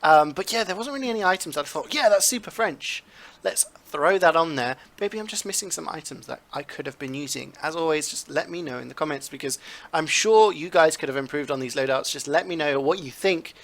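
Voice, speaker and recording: A man's voice: on the high side, fast, gravelly, a bit bright. A young man casually commenting on a video game, chatty and rambling, often asking viewers for their ideas. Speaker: gaming video creator.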